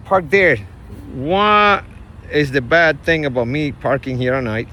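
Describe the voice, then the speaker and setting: A man from Puerto Rico with a Puerto Rican accent, vlogging to his phone in a parking lot in a rambling, animated way, full of asides. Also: a little high, unhurried. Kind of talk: casual vlog talk. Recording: faint outdoor traffic noise.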